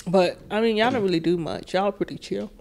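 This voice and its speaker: A young woman talks in a loose, slangy way, swearing now and then. She sounds tired and jet-lagged, and her voice sits at an everyday middle pitch. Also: a little fast, vocal fry, a little mellow. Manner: laid-back, slangy, swears freely, acts out family quotes. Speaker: guest, oldest sister. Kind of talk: casual chat.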